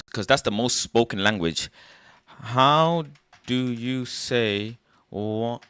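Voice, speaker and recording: A young man hosting a casual livestream, thinking out loud in an animated way and breaking into loud shouts. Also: medium pitch, takes it slowly, clear, resonant tone, dry recording. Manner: animated, musing aloud, loud shouted bursts. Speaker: livestream host.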